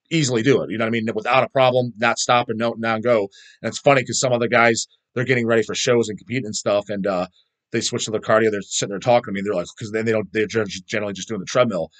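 A man's voice: mid-range voice, fairly bright tone. A middle-aged man chatting casually as a vlog host, rambling and swearing constantly as he answers viewer questions.

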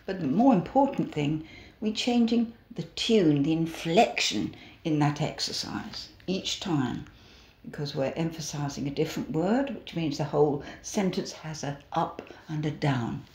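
A woman teaching elocution, explaining sentence stress and intonation in a measured, emphatic way. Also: sits low, darkish tone. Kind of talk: conversational lesson. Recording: roomy echo.

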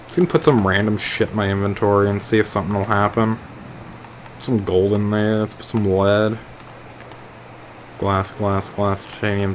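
A man's voice: lowish voice, a little hiss or hum. A young man giving rambling, profane, joking commentary while playing a video game. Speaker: gaming video host. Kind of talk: casual gameplay commentary. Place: indoors at home, late at night.

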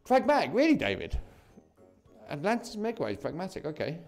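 A man's voice: sits high, huge pitch swings, a little fast, creaky, darkish tone, faint music behind. A young English man from southeast England, chatting casually with viewers on a slots live stream and calling them mate and bro.

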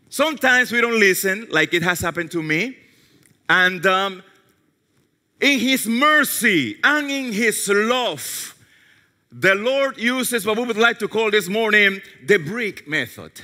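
A male pastor preaching a sermon, telling a story and dropping softly into quoted prayers. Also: sits high, expressive, a little slow. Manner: storytelling, drops to soft tones for quoted prayers. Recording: long hall reverb.

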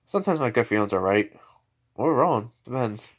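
A man voicing a calm, polite, cocky young male ninja in a casually told fan story, polite and breezy with smug ease. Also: medium pitch, moderate pace, slightly rough.

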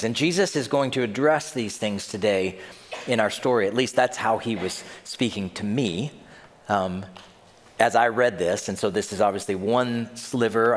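A man's voice: medium pitch, big-room sound. A man preaching a sermon as senior pastor, telling the story with animation and acting out the scenes. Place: church sanctuary.

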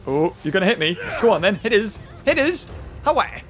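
A young man commentating a game playthrough, excitable and laughing often. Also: high-pitched, fast talker. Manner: laughs often, cheers at the screen. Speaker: gaming video host. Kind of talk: excitable let's-play commentary. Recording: commentary over game music.

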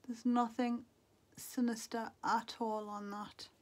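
A woman's voice: a little high, flat delivery, slow, a little mellow. A middle-aged woman from England, chatting to camera as a beauty vlogger, muttering to herself in a wistful, casual way. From Northeast England.

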